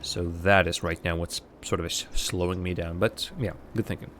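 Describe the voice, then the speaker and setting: A Latvian man whose first language is Russian livestreams gameplay, thinking out loud and chatting with viewers between comments on the game, rambling with fillers and restarts. His voice is low and fairly bright, with a mostly even intonation and moderate pace. There's slight background noise.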